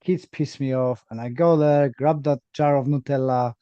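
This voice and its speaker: A man's voice: mid-range voice, steady tone, normal speed, no echo. Man on dull, dry lo-fi audio. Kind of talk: casual interview chat.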